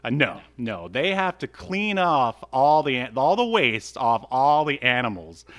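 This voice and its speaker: A man's voice: medium pitch, very animated, unhurried, a bit bright. A man co-hosting a podcast, chatting casually about an old cartoon with plenty of fillers and asides. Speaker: podcast co-host.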